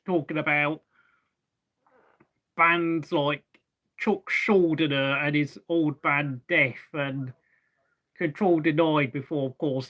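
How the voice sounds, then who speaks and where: A man's voice: a little high, fairly bright tone. A young man hosting a live race watchalong, chatting casually and rambling to fill the gaps between race updates. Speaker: watchalong host.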